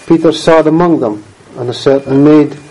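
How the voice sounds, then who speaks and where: A man reading scripture aloud and then preaching, in a measured, earnest way, often clearing his throat. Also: on the high side, mellow, slight background noise, poor audio.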